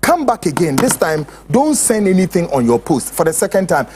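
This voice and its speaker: A man's voice: sits high, big pitch swings, a little fast, noisy background. A man with a Ghanaian accent hosting a show, ranting in heated, insulting commentary. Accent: Ghanaian English. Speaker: host.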